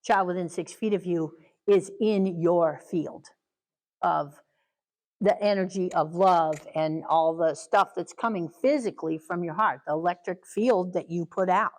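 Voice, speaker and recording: A middle-aged woman leading a training talk for caregivers, animated and lively, acting out children and parents in quick asides. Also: fairly low pitch, poor audio.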